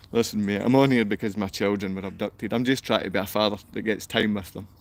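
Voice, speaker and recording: A man's voice: lowish voice, a little fast, a little hiss or hum. A man livestreaming, reading comments from his chat aloud and answering them with a confrontational, insulting rant. He sounds downcast.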